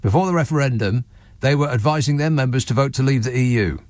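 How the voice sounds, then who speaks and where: Sardonic radio host, dry studio sound. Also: male voice, medium pitch, fast talker, no echo. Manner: sarcastic, mocking, lively asides. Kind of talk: sardonic talk radio monologue.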